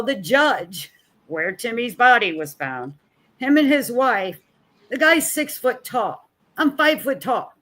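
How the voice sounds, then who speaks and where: A middle-aged woman tells her own story in a candid, folksy way, speaking as a grieving mother. She replays each exchange by giving both sides of it, and her voice falls low and quiet at the hardest parts. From Missouri. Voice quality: plain-spoken, folksy. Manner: re-enacts both sides of conversations, voice sinking low and soft at painful moments. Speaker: guest, mother of a missing son.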